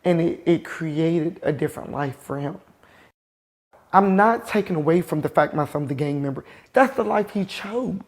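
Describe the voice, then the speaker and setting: A middle-aged woman, a show host, gives a personal testimony in an emotional, halting way, with pauses and restarts. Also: low-pitched, animated, a little mellow. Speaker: host telling her own story.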